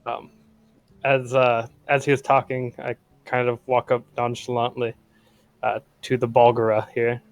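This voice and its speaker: Man player, slow and gravelly, dry close sound, hesitant. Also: medium pitch, flat delivery, muffled recording, soft background music. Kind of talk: tabletop role-play.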